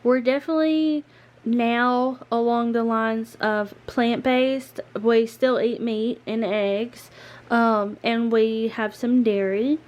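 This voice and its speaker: A woman chatting casually to her viewers from inside her home, relaxed, with ums and light laughs. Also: a little high, slow, highs cut off. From North Carolina, US. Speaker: homemaking vlogger.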